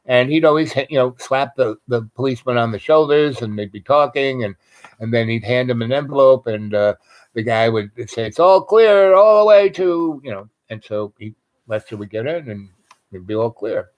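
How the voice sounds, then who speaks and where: A man's voice: medium pitch, steady tone, normal speed. A man telling a long personal anecdote in a rambling, digressive way, often restarting his sentences and swearing casually. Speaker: guest telling a personal story.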